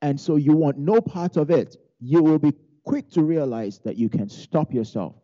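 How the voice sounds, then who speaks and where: Dark-voiced male pastor preaching. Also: on the high side, moderate pace, muffled recording. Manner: preaching with humorous personal stories; emphatic repetition of key phrases. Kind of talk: sermon.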